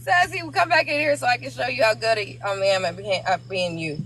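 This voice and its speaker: A brash, mocking woman chats on her livestream in a high, bright voice. Her pitch swings widely as she teases and swears. A faint hiss sits under the recording. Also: brisk. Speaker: livestream host. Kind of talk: casual livestream chat.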